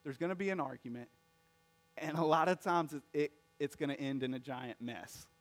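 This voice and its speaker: A man's voice: fairly high pitch, moderate pace. A male pastor telling a funny family story in a sermon, acting out the voices of his family.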